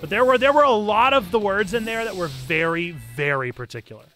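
A man's voice: sits high, lively intonation, a little fast, pushed and bright, soft background music. A man with a North Carolina accent, chatting playfully with his viewers while streaming a game. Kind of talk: casual gameplay stream chat.

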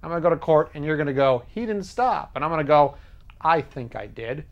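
A man's voice: a little high, creaky, highs cut off. A man hosting a public access TV show, rambling through a comic monologue and acting out both sides of conversations. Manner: rambling, self-mocking, acts out dialogue in quick voices. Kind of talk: casual comedic monologue. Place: TV studio.

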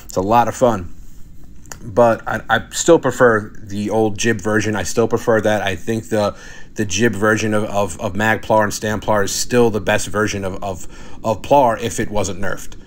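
A man's voice: on the low side, steady tone, moderate pace. A young man giving boastful, trash-talking commentary over his own gameplay footage. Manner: cocky trash talk, swaggering. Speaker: gaming video commentator.

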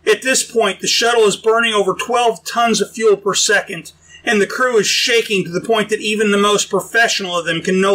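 A man narrating a science-fiction audiobook in an even, explanatory storytelling manner. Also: high-pitched, rough recording. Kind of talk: scripted narration.

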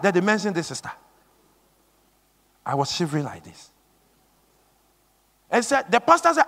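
A male preacher giving a sermon with emphatic, repetitive storytelling that swings from hushed tones to shouting. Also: high voice, huge pitch swings, normal speed, long pauses. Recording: long reverb of a large hall.

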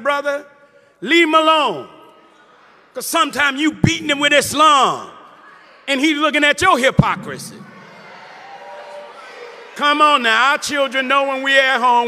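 High-pitched preaching man, echoing hall. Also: moderate pace. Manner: preaching, rising to shouts, call-and-response asides. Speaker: minister. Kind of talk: sermon testimony. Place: large hall before an audience. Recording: live hall with reverb, crowd behind.

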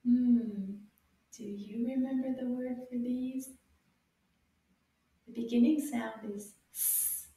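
A woman teaching children French words, encouraging them and repeating each word slowly with sound clues. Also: fairly high pitch, fairly even intonation, warm tone, recorded from a distance. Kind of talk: slow, drawn-out teaching for kids. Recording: very echoey room, a bit off-mic.

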